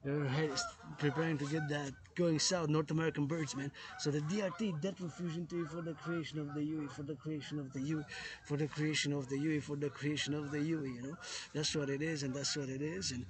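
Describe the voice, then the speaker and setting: A man's voice: a little high, steady tone, fast. A man vlogging outdoors in a public place, talking emphatically and repeating phrases again and again. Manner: repetitive, emphatic, loops phrases over and over. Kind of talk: outdoor monologue vlog.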